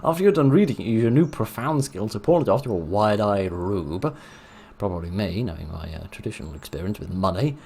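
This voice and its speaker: A man's voice: lowish voice, lively intonation, fairly quick, vocal fry, mellow, husky. A young man commentating his own game playthrough in a wry, self-mocking way. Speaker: let's play host. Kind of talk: gaming commentary.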